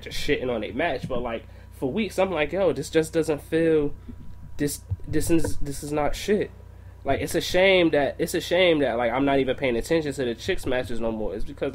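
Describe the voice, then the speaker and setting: A man's voice: on the high side, animated, moderate pace, a little hiss or hum. A man co-hosting a wrestling podcast, ranting in a heated, profane way. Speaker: podcast co-host. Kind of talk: casual wrestling podcast rant.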